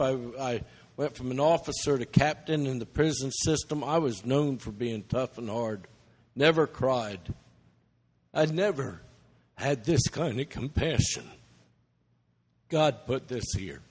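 A man's voice: mid-range voice, measured pace, a little mellow. A middle-aged man preaching a sermon, telling stories earnestly and emotionally, with some restarts. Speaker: missionary preacher. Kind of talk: sermon storytelling. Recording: long church reverb.

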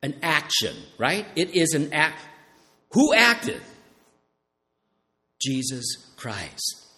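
A male pastor preaching a sermon, asking the congregation questions and answering them himself, slowing down to stress key words. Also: on the high side, a bit bright, long reverb tail.

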